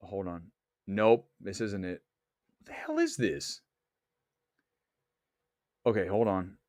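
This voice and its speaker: A man hosting a movie talk livestream, rambling excitably while he stalls and searches on his computer. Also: low-pitched, takes it slowly, no room sound, studio quality. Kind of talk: casual livestream chat.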